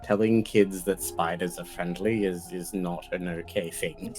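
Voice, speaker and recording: Man, very low voice, casual chat, halting, faint music. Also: steady tone, a little mellow. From Australia. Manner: halting, with fillers.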